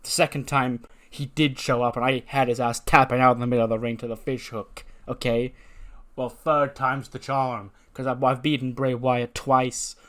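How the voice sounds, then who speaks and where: A man's voice: mid-range voice, flat delivery, moderate pace, fairly bright tone, natural voice. A man putting on a boastful male wrestler who taunts his rival in a promo. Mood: cocky taunting. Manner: cocky, taunting.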